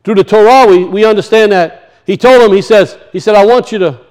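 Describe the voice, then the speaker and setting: A man preaching a sermon that teaches from a scripture passage, animated and often asking his listeners questions. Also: high voice, a little fast. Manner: animated, asks the audience questions.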